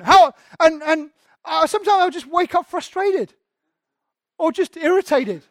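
A man's voice: extremely high pitch, measured pace, a bit bright, no room sound, studio quality. Candid self-deprecating male preacher. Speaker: pastor. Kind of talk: sermon.

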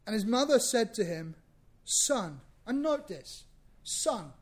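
A man preaching a sermon, lively and conversational, acting out bits of dialogue and repeating words as he goes. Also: high-pitched, slow pace. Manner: animated, acts out biblical dialogue, repeats himself.

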